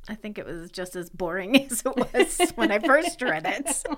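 A woman's voice: medium pitch, big pitch swings, moderate pace, fairly bright tone. A woman co-hosting a podcast in casual chat, chatty and laughing as she explains. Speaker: podcast co-host.

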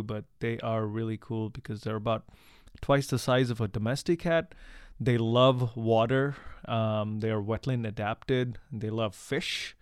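A man from India speaks as an interview guest with a smooth, resonant, mid-range voice. He explains earnestly and pauses on "uh" and "um" as he restarts his sentences. The recording is close and dry, with no room echo. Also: mid-range voice. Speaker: wildlife researcher and conservationist guest. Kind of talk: conversational interview answers.

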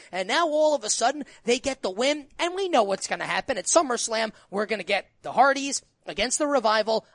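A man's voice: extremely high pitch, a bit bright, no room sound. A man co-hosting a casual podcast, ranting animatedly and filling his talk with "like" and "who cares". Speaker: podcast co-host. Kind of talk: casual wrestling podcast chat.

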